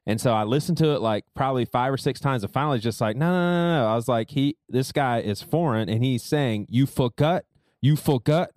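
A man hosts a casual podcast chat, chatty and quick to laugh as he tells stories. His voice is mid-pitched and dry, close to the mic. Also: darkish tone, clear, resonant tone, no echo. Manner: laughs often, storytelling. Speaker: podcast host. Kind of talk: casual conversation.

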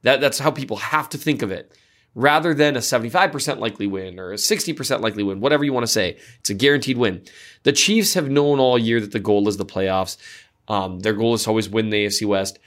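Animated man talking sports. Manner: animated, jumps in pitch when emphatic. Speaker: sports podcast co-host. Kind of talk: casual sports chat.

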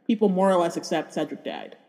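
A woman co-hosting a podcast in casual chat, rambling and animated, with many "like"s. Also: lowish voice, fast talker. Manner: filler-heavy, rambling, animated. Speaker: podcast co-host. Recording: long hall reverb.

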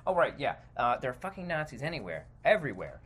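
A man's voice: medium pitch, sing-song, quick pace, fairly bright tone, slight background noise. A man hosting a podcast, delivering a heated, profane opinion monologue that rambles and interrupts itself. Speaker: podcast host.

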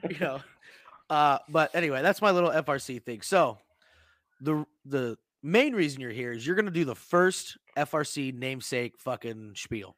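A man's voice: mid-range voice, animated, moderate pace, fairly bright tone, no echo. Profane storytelling man, dry close sound. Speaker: podcast host. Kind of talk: casual podcast chat.

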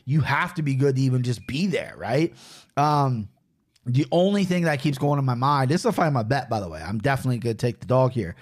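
A man hosting a casual betting podcast, talking in loud, profane, joking banter. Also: mid-range voice, animated, fast talker. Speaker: podcast host.

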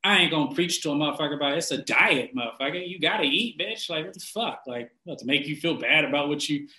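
A man ranting casually and bluntly, swearing constantly, laughing often and getting animated when he mocks people. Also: on the high side, quick pace, roomy sound, low-quality recording. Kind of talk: casual profane rant.

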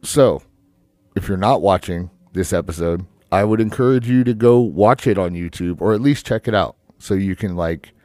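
Man, deep low voice, podcast co-host, rambling chatty delivery, vocal fry, dry close studio mic. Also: moderate pace, no echo. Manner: relaxed, rambling with many fillers, vocal fry. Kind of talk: casual podcast chat. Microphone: studio podcast microphone.

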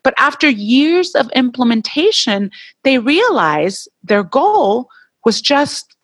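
Woman, podcast host, lively swooping pitch, fairly high voice, casual chatty talk, dry close sound. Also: slow pace, no echo. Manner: animated, chatty, gets heated and laughs at points.

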